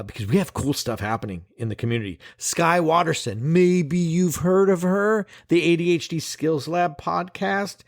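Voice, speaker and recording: A man hosts his own podcast alone, chatting in a loose, playful way and joking at his own expense. His voice sits fairly high for a man. The close mic gives a dry sound with no room echo. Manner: playful, jokey, self-deprecating, animated. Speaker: podcast host. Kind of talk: casual solo podcast monologue.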